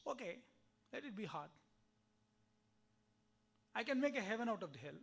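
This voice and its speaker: At a temple, a man with an Indian English accent gives a spiritual discourse, posing rhetorical questions to the audience and acting out both sides of conversations. His voice sits high with big pitch swings, gravelly and slightly rough yet fairly bright, at a moderate pace with frequent pauses.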